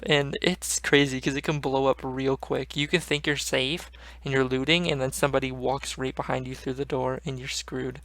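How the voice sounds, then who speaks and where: Flat gravelly young man rambling. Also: medium pitch, no echo. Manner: rambling, swears casually, trails off. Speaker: gaming channel host. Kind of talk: casual gaming vlog chat.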